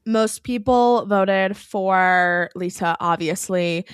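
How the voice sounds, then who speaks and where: A woman's voice: mid-range voice, slow, clear, resonant tone, dry recording, studio quality. A woman co-hosting a podcast in a casual chat, blunt, heated and often profane. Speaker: podcast co-host.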